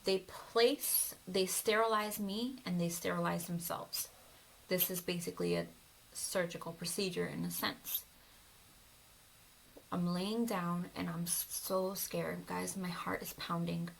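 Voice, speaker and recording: Gravelly-voiced woman vlogger. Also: fairly low pitch, steady tone, unhurried, a little hiss or hum, low-quality recording. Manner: emotional, often dropping to a whisper. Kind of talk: personal storytelling vlog.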